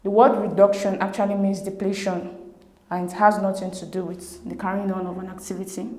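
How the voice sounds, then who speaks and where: A woman, working through exam questions as a tutor in a steady, methodical way. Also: medium pitch, brisk. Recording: echoey room.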